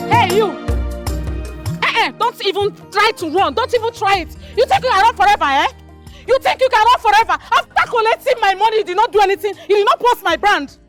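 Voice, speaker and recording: An actress with a Nigerian accent playing a furious woman who loudly shames a man who owes her money, shouting in Pidgin. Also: very high-pitched, a little fast, faint music behind. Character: loud furious woman shaming a debtor in public. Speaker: businesswoman owed money. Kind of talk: Nollywood film acting.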